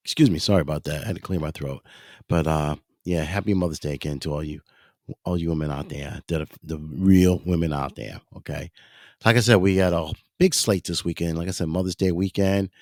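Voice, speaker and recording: Speaking briskly in a low voice, the podcast host wanders through a casual monologue, revising himself as he goes and addressing the audience as ladies and gentlemen. The sound is clean studio audio with no room echo.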